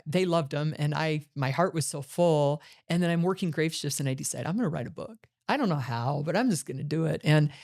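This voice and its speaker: Speaking alone on her podcast, a middle-aged host reflects sincerely on her own life. Her voice sits low and is a little mellow.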